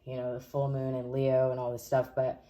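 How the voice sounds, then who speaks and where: A woman's voice: very deep voice, completely flat delivery, normal speed. A woman musician reviewing shows in a casual, rambling video, often correcting herself as she talks. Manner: rambling, self-correcting, soft-spoken. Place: dim room at home.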